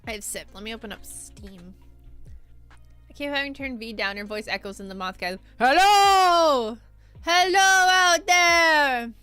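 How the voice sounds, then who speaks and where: A woman's voice: medium pitch, a little fast, pushed and bright, soft background music. A young woman streaming a video game, chatting playfully and joking with her viewers. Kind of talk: casual gaming stream chat.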